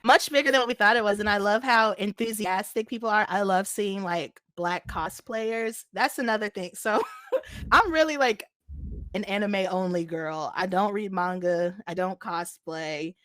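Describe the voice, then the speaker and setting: A young woman co-hosting a casual chat, animated and laughing often. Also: medium pitch, normal speed, no echo, clean studio sound. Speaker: podcast co-host.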